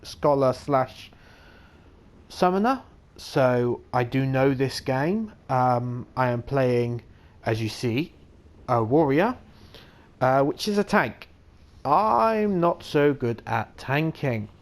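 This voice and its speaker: A man's voice: mid-range voice, lively intonation, slow pace. A man giving casual gameplay commentary in a hesitant, self-deprecating way with many fillers. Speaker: let's play gamer.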